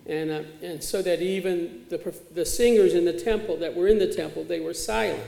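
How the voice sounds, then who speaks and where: A man's voice: high voice, vocal fry, a little mellow. A man preaching a sermon as pastor, in a plain conversational way with occasional fillers, recorded in a church sanctuary. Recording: echoey church hall.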